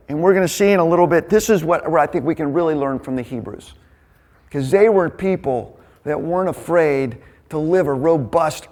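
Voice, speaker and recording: A man leading a men's Bible study, teaching in a casual, energetic, conversational way. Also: a little high. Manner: energetic, conversational, quick asides. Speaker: men's ministry leader.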